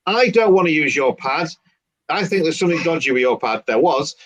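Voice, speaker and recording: A man's voice: on the high side, brisk, no echo, low-quality recording. A man, a magician, telling a story casually and acting out the dialogue. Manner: animated, acts out dialogue. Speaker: guest magician.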